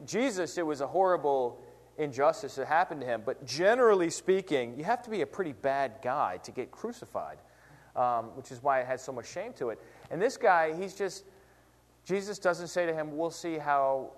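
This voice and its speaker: A man's voice: fairly high pitch, long reverb tail. A man preaching a sermon in a conversational, emphatic way. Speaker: pastor.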